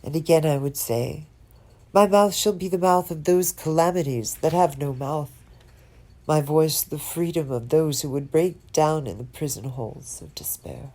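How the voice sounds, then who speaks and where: A woman reads poetry slowly and dramatically in a low, mellow voice. She lingers on words and sometimes sinks into a whisper. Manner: expressive, drops some words to a whisper; lingers on and repeats single words. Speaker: poetry reader. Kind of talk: slow dramatic poetry reading.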